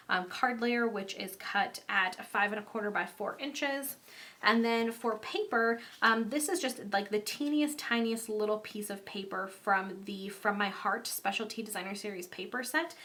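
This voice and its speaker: Young woman walking thru a card craft, chatty and upbeat, lots of ums, bright voice. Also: medium pitch, a little hiss or hum. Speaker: card-making instructor. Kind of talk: casual craft tutorial.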